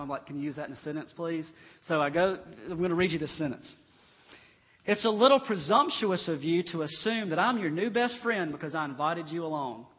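A man preaching in a church, with a fairly high voice that sounds slightly husky. He swings between loud, emphatic declarations and quiet, confiding asides. The recording is dull and lo-fi, with a long reverb tail from the sanctuary. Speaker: pastor. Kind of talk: sermon.

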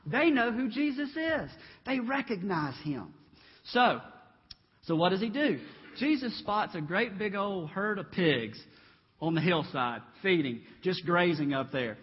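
A man preaching a lively sermon, acting out the voices in the Bible stories as he retells them. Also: high-pitched, measured pace, slightly rough. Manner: animated storytelling, acts out Bible voices. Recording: dull reverberant hall.

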